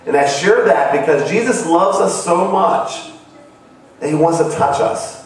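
A man's voice: a little high, animated, unhurried, far from the mic, a little hiss or hum. Earnest missionary man preaching in an echoey hall. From Ohio. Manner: earnest storytelling, rising to cries. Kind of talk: sermon. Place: church hall.

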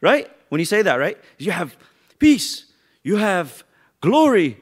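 A man teaching a youth Bible study, animated and joking as he acts out people's reactions. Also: high voice, slow, slightly rough.

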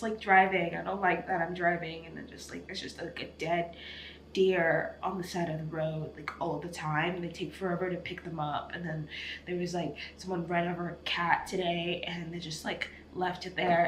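A woman's voice: fairly low pitch, a little hiss or hum. A woman in her twenties, teary from crying, talking candidly and rambling in a self-mocking way to her vlog camera. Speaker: vlogger. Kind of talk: casual vlog talk to camera. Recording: echoey room.

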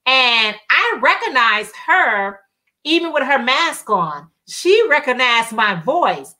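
A woman's voice: high-pitched, very animated, slow pace, pushed and bright. A woman hosting a casual crafting livestream, telling chatty stories in colloquial speech and reading viewer comments aloud.

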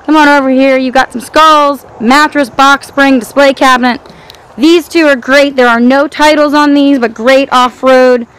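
A woman's voice: high voice, fairly even intonation, normal speed, fairly bright tone, rough recording. A woman hosting an auction preview, cheerfully listing items as she walks through an outdoor sale yard. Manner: upbeat listing of items, addresses folks. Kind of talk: walkthrough sales pitch.

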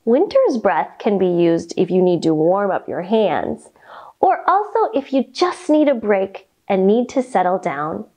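A woman's voice: medium pitch, very animated, measured pace, darkish tone. A young woman leading a guided yoga storytime for children, cheerful and encouraging as she talks young kids through each pose. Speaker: kids' yoga teacher.

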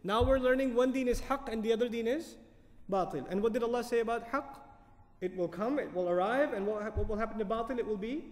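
A man lecturing on Quran commentary, animated, asking the audience questions and reciting Arabic verses quickly. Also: very high voice, big-room sound. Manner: animated, asks the audience questions and answers them. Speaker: Quran teacher.

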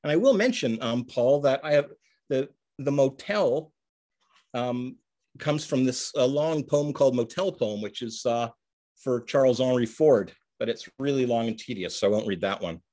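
A man's voice: mid-range voice, normal speed, a little mellow. A man reading his own poems at a livestreamed reading, with dry, wry asides between them. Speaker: poet. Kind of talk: poetry reading. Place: livestream from home.

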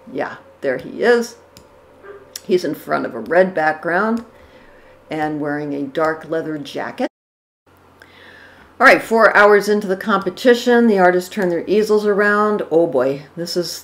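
A woman giving casual reaction commentary on portrait paintings, thoughtful, with fillers and self-corrections. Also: fairly low pitch. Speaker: art commentator. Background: dogs barking.

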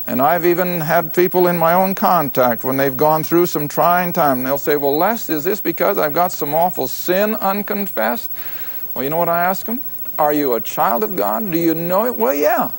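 Older male Bible teacher, a bit high-pitched, emphatic classroom delivery with deliberate repetition. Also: lively intonation, vocal fry. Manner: emphatic, repeats key words slowly for note-taking. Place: classroom with live audience.

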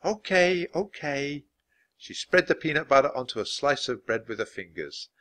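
Male storyteller for a children's book read-aloud, bright and lively, expressive delivery. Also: mid-range voice, fairly quick. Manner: expressive, animated narration. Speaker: dad reading aloud.

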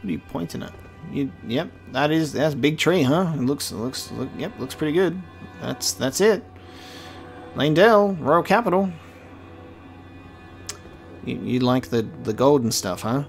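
A man's voice: medium pitch, expressive, moderate pace, creaky, faint music behind. Chatty man joking through a game. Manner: chatty, joking, swears in surprise. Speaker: gaming video host. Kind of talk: let's play commentary.

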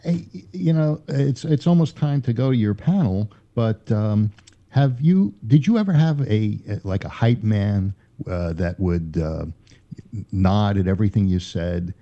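Gravelly, hesitant man on lo-fi audio. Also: fairly low pitch, animated, measured pace, mellow. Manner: hesitant, many uhs and short agreements. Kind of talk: casual chat. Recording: dull, lo-fi sound.

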